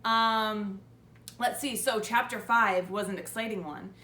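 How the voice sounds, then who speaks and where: A woman's voice: mid-range voice, measured pace. Friendly teacher woman reading aloud, echoey room. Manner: friendly, relaxed, with ums. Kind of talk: reading a chapter book aloud to a class.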